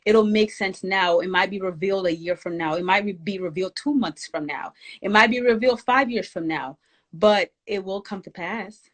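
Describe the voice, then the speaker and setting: A woman's voice: mid-range voice, moderate pace. Emphatic woman, rousing encouragement. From Jamaica. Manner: emphatic, encouraging, preacher-like exhortation. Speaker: guest, author. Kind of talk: inspirational conversation.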